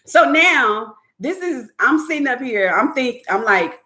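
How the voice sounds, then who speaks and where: Woman host, casual and profane, very lively pitch. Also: a little slow. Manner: animated, profane, laughs often, mimics others. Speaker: podcast host. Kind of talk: casual storytelling chat.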